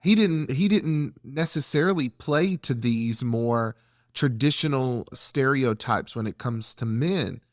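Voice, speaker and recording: A man leads a faith-based conversation in a measured, reflective tone. His voice sits at an ordinary pitch for a man. The sound is dry, with no room echo. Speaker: church podcast host.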